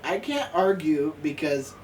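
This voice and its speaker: A man's voice: a little high, sing-song, measured pace. A young man co-hosting a casual podcast, eager and full of questions. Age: young adult. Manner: enthusiastic, asks questions. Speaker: podcast co-host. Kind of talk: casual chat. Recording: distant mic with faint background noise.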